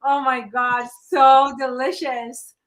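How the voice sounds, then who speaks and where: A woman's voice: high voice, level tone, takes it slowly, fairly bright tone. A woman hosting a live interview, enthusiastic and gushing, laughing along with her guest. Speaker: host.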